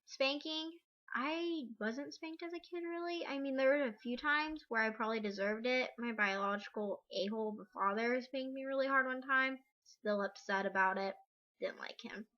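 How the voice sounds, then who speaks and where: A woman's voice: fairly high pitch, pushed and bright, dull audio. A young woman giving her frank opinions on parenting in a casual vlog, chatty, with frequent ums. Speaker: parent vlogger.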